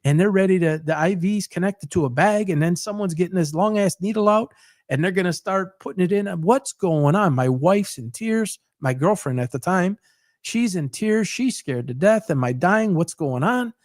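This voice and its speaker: A man in his fifties hosts a sports talk show and tells a personal story with emphasis, often repeating words as he builds it up. His voice sits a little high for a man. The sound is dry, with no room echo. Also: animated, moderate pace, darkish tone. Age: 50s.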